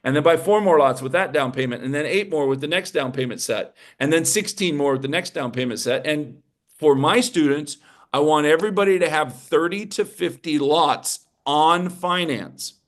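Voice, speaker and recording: Energetic man teaching an investor seminar. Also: on the high side, normal speed. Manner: energetic, emphatic, with rhetorical questions to the audience. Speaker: real estate investing instructor.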